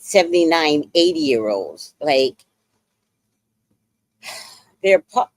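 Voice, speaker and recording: Low-voiced, animated woman telling a blunt story. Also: no room sound. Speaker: livestream host. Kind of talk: casual livestream storytelling.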